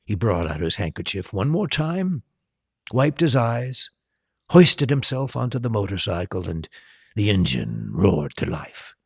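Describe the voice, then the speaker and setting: A man reading a storybook aloud as host, slow and expressive. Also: lowish voice, gravelly, breathy edge, no room sound, studio quality.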